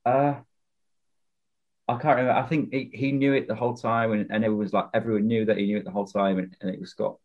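A man co-hosting a podcast, talking in a hesitant, halting way. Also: fairly low pitch, steady tone, highs cut off. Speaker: podcast co-host. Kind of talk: casual chat.

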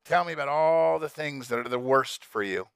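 A man voicing a patient, weary deity who calmly lectures a sulking man. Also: medium pitch, normal speed, creaky, clean tone, no echo, studio quality.

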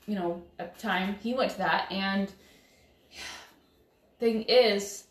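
A woman's voice: mid-range voice, takes it slowly, reverberant. A woman telling a personal story in an earnest, emotional way, often stopping and restarting her sentences. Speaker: vlogger.

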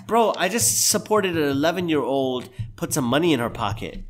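An American man telling stories on a podcast, animated, often jumping loud and high, saying "bro" all the time. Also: moderate pace. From United States. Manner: says "bro" constantly. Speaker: podcast guest. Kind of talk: casual podcast conversation.

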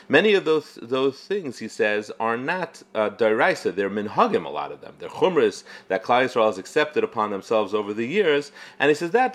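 A middle-aged man, a rabbi, giving an informal weekly Torah talk in a conversational way, often halting and restarting his sentences. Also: fairly low pitch.

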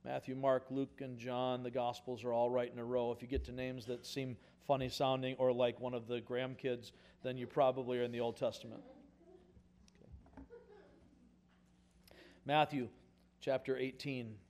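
A male pastor preaching a sermon in a conversational, folksy way, swinging from quiet asides up to emphatic, louder points. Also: flat delivery, moderate pace, long pauses. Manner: rises in pitch and volume for emphatic points, drops to quiet asides.

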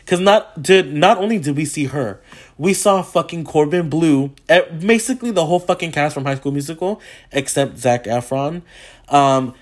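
A man vlogging a casual story time, swearing freely and excitable, acting out what people said with gasps and laughs. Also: fairly high pitch. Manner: acts out quotes with gasps and laughter.

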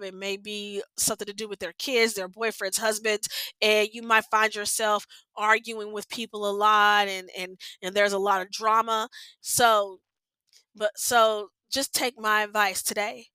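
A woman's voice: mid-range voice, flat delivery, moderate pace, sharp tone, smooth, no echo. A woman hosting a podcast, giving an earnest, emotional devotional talk about her own failings, repeating herself and close to tears. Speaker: podcast host.

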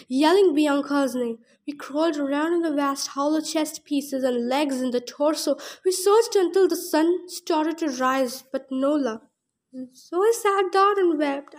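A woman's voice: sits high, a little mellow. A woman reading a novel aloud for her podcast, stumbling over words and breaking off with emotional asides. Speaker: audiobook reader and podcast host.

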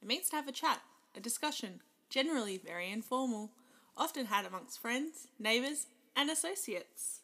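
A woman's voice: on the high side, animated, normal speed, sharp tone. A woman co-hosting a podcast in a casual chat, telling stories with lots of giggles. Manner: giggly, chatty storytelling. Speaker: podcast co-host.

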